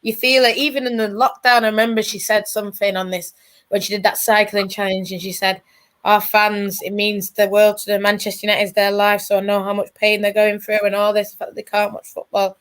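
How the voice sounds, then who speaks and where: A woman's voice: medium pitch, level tone, fairly quick. Woman chatting on a fan podcast, all emotional, choking up while she tells stories. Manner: emotional, tearful storytelling. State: crying. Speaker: podcast guest. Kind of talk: casual emotional chat.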